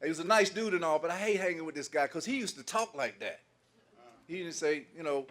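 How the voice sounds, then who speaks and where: A man's voice: on the high side, lively intonation, fairly quick, fairly bright tone. An older man doing stand-up comedy, telling folksy stories in a loose way and laughing at his own jokes.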